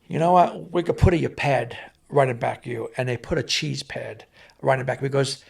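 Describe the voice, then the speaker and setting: A man, a stuntman guest, telling animated on-set stories and acting out the voices of the people in them. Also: medium pitch, moderate pace, vocal fry, husky. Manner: animated, acts out voices in anecdotes. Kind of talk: animated storytelling.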